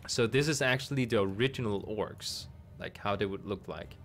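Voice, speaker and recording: A man's voice: on the low side, normal speed, fairly bright tone. A man streaming a game, chatting casually and thinking aloud with amused asides. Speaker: gaming streamer.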